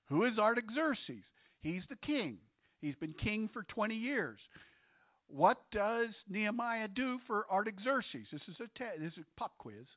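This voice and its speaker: A man's voice: sits high, no room sound. A male pastor preaching a sermon in a conversational way, quizzing the congregation with questions. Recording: dull, lo-fi sermon audio.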